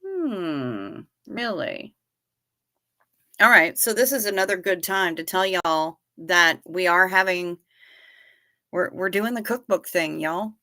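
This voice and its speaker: Reading viewers' comments aloud on her laid-back livestream, an American woman fires back blunt, salty replies and is quick to tease. She has a lowish, animated, bright voice with a forceful tone, captured in clean studio sound without echo.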